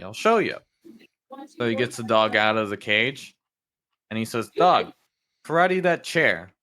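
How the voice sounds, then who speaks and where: A man with a bright, somewhat low voice tells jokes on a casual podcast. He swears freely and slips into the characters' lines as he goes. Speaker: podcast co-host. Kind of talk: casual chat, telling jokes.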